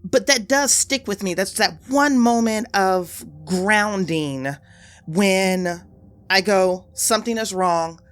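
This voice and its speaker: A woman's voice: medium pitch, takes it slowly. A woman player in a tabletop game, describing her character's actions intensely and vividly.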